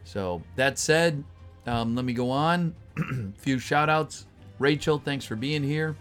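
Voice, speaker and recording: Guy hanging out w his live chat, reading messages out, voice kinda tired, soft music in the back. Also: medium pitch, takes it slowly, clean tone. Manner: chatty, greets viewers, reads chat messages aloud. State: voice getting tired. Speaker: voice actor reading a script on a livestream. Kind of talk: casual livestream chat with viewers.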